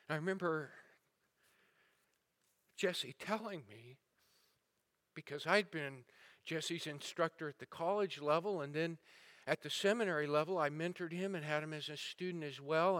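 A male pastor preaching a sermon, telling stories with swings between building intensity and a hushed, somber tone. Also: a little high. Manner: dramatic storyteller, rising and falling intensity. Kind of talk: sermon storytelling. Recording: sermon audio recording.

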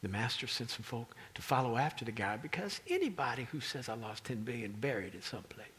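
A man's voice: medium pitch, big pitch swings, fast, fairly bright tone, a little hiss or hum. A male pastor preaching a sermon as a dramatic storyteller, often dropping into whispers for emphasis.

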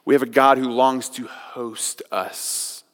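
A man preaching a sermon as pastor, telling a story, swinging from quiet and slow to loud and raised. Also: fairly even intonation. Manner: storytelling, builds from soft and slow to loud and high. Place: church sanctuary. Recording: long church hall reverb.

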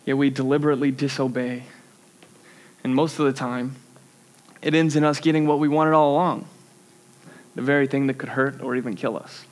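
A man's voice: mid-range voice, steady tone, fairly quick, pauses often. A young man preaching a sermon in a church, earnest and conversational, with self-deprecating asides.

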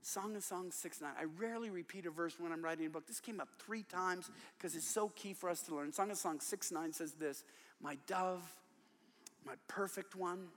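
With hardly any pauses, an older man preaches in a large church, weaving stories with humor and emphasis. His pitch is fairly high, his pace fairly quick, and a long reverb tail follows his words. He is a conference speaker and author.

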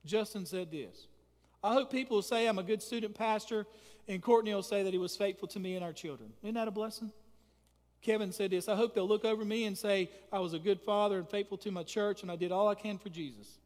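A man preaching a sermon and leading prayer as pastor, emphatic and repetitive, building to loud peaks. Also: sits high, a little fast, long reverb tail. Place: church sanctuary.

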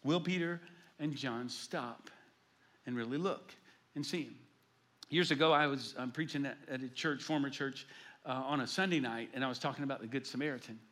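A man, a pastor preaching a sermon, telling stories and swinging between loud emphasis and hushed asides. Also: mid-range voice, moderate pace.

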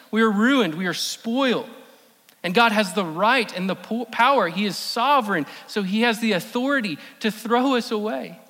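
High bright-voiced male preacher in a hall. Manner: emphatic, repeats key phrases, slows for stress. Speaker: pastor. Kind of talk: sermon. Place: church sanctuary. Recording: long reverb of a church hall.

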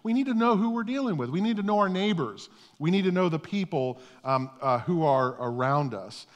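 Talkative pastor preaching in a reverberant church. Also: male voice, fairly high pitch, lively intonation, fairly quick, highs cut off. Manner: conversational, self-deprecating, repeats words when starting. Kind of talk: sermon. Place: church sanctuary. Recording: long reverb of a church hall.

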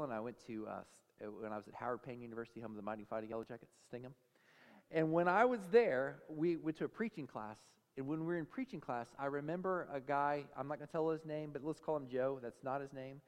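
A man preaching a sermon as pastor, telling stories in an animated way and acting out the voices of the people in them. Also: medium pitch, quick pace, in a large hall. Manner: animated storytelling, acts out quoted voices. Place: church sanctuary.

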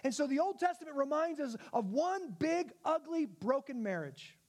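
Guy pastor w/ a really high voice, chatty sermon, keeps asking "right?". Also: expressive, moderate pace. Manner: conversational, asks the audience questions.

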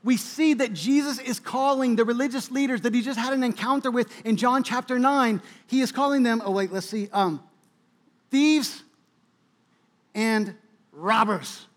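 A man's voice: extremely high pitch, a little fast, hardly any pauses. A male pastor delivering a sermon, preaching with bursts of emphasis and occasional restarts. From New England, US.

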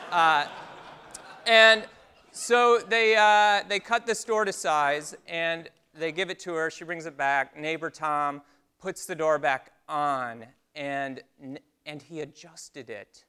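A man preaching with a bright, clear, resonant voice, a little higher than most men. He tells stories with lively energy, then eases into slow, quiet reflection. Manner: storytelling, animated, then slow and hushed for reflection. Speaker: pastor. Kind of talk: sermon.

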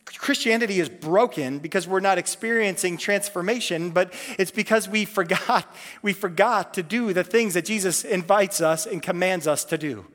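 A man's voice: high voice, normal speed, fairly bright tone. A man pastor giving a conversational sermon, earnest, often restarting and repeating words mid-phrase. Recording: long reverb of a hall.

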